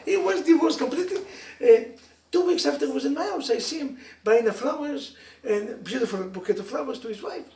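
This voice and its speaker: Animated rabbi preaching in an echoey room. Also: male voice, very high voice, brisk, slight background noise. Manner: animated storytelling with laughs and sudden loud emphasis. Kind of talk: sermon to a live audience. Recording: echoey room, mic from far off.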